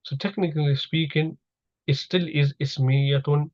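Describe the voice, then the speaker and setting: A man's voice: fairly high pitch, fairly even intonation, a little slow, a little mellow. Man patiently teaching grammar, slightly dull sound. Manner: patient, explains step by step, repeats key terms. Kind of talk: recorded grammar lesson.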